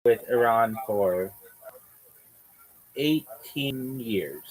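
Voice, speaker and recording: Slow-talking profane livestream host, a man. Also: medium pitch, slightly rough, poor audio. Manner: profane, slangy, rambling. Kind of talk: casual livestream chat.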